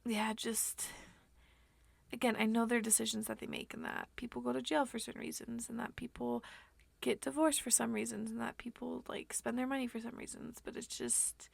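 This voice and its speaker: A young woman vlogger rambling through an emotional personal monologue, soft and tearful, with many fillers. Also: fairly high pitch, level tone, fairly quick, gravelly, husky, dry recording.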